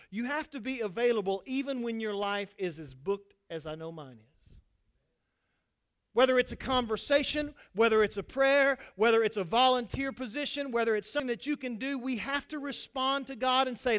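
A man preaching a sermon to his congregation as pastor, swinging between loud exhortation and quiet asides. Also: extremely high pitch, moderate pace, clear, resonant tone.

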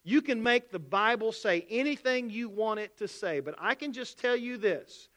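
Male pastor, high bright voice, lively sermon delivery, plays out other voices. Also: moderate pace. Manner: animated preaching, acts out skeptics' voices.

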